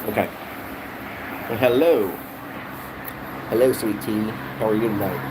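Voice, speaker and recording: A man's voice: on the low side, unhurried, noisy background. A man vlogger telling a rant-style story with heavy swearing and a lot of repetition. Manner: animated, profane, repeats himself.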